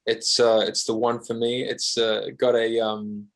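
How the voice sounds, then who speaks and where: An Australian man speaks as a podcast guest in a mid-range voice, easygoing and a little self-deprecating. He wanders through his answers with fillers and false starts, in a relaxed conversational tone. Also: mid-range voice, unhurried. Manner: rambling, self-deprecating, frequent fillers and restarts. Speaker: guest guitarist. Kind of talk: casual podcast interview.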